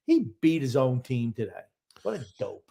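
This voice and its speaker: A man's voice: mid-range voice, very animated, moderate pace, gravelly, mellow. A man co-hosting a casual sports podcast, giving blunt, grumbling opinions. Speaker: podcast co-host.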